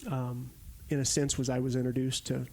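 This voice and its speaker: A man's voice: mid-range voice, completely flat delivery, a little fast, darkish tone. A man in his forties from Arizona, a podcast guest telling stories casually and animatedly, acting out the quotes. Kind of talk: casual storytelling.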